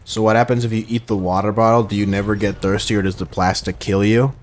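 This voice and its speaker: A man's voice: lowish voice, level tone, fast talker. A man streaming a shooter game live, chatting casually in a rambling, playful way and reading viewer messages aloud. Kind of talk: casual live gameplay chat.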